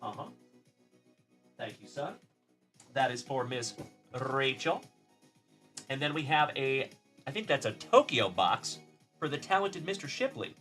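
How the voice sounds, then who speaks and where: A man's voice: medium pitch, big pitch swings, takes it slowly, long pauses, music in the background. A middle-aged man from South Texas hosting a casual card-breaking livestream, chatty and upbeat, greeting viewers by name.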